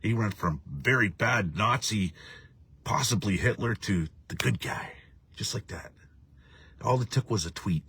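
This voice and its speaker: A man's voice: lowish voice, lively intonation, measured pace, fairly bright tone, slightly rough, no room sound. A man hosting a casual live stream, rambling and profane, reading viewer comments and laughing often. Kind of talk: casual ranting live chat.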